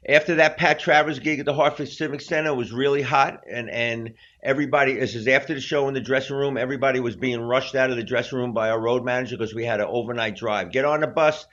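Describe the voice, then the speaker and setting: Animated storytelling man, muffled line. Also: mid-range voice, quick pace, hardly any pauses. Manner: animated storyteller acting out quotes. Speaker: guest drummer. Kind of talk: storytelling interview. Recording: slightly dull lo-fi audio.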